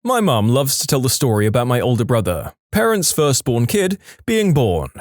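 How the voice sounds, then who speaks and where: A man narrating short funny stories in a lively storytelling manner, now and then dropping into quick comic voices for quotes. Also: medium pitch, no room sound, clean studio sound. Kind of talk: scripted narration.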